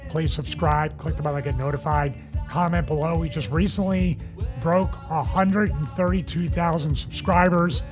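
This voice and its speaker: A man with a Philadelphia accent hosting a casual podcast, losing his voice, talking in an animated way. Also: a little high, normal speed, over music. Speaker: host.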